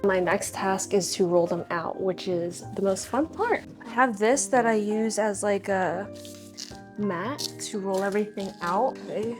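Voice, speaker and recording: A woman's voice: medium pitch, measured pace, over music. A young woman chatting casually to camera while baking in her home kitchen, talking to herself and a bit flustered. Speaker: home baker vlogger. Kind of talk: casual baking vlog chat.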